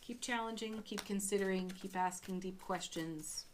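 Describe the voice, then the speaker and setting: A woman giving a daily tarot card reading, gentle and affirming, with frequent soft laughs. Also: medium pitch, normal speed, noisy background.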